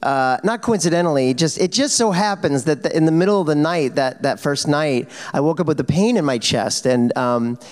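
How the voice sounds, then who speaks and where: A man's voice: on the high side, normal speed, few pauses. A man on a fan convention panel, telling a casual story with lots of fillers, self-corrections and laughs. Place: convention panel hall, on stage.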